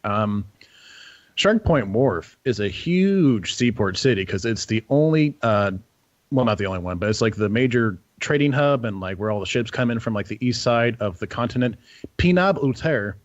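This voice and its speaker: A man's voice: on the low side, moderate pace, no room sound. Young male game master running a tabletop game; rambly, filler-heavy delivery; dull, dry lo-fi recording. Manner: relaxed, rambling, many fillers and restarts.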